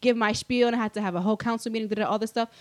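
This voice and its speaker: Young woman guest, quick casual storyteller, lively and laughing, throws on loud high voices for quotes.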